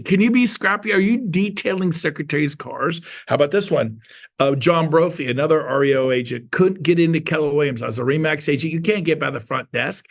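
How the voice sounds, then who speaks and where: A male sales speaker with a gravelly, creaky edge to a slightly high voice. He tells his stories in a punchy, playful, folksy way and acts out every bit of dialogue. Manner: animated storyteller acting out dialogue. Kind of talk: storytelling talk to an audience.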